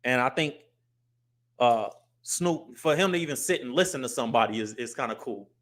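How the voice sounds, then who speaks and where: A man's voice: mid-range voice, normal speed. A middle-aged American man hosting his own show, talking casually to camera and acting out voices to make his points. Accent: US English. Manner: animated, acts out street and business voices. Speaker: host.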